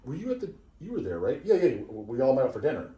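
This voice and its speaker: A man around forty rants and tells stories in a loose, profane, excitable way, with a voice of ordinary middle pitch. He is recorded in a roomy space with a noticeable echo. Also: very fast, muffled recording. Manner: profane, excitable ranting storyteller. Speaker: podcast host. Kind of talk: casual chat.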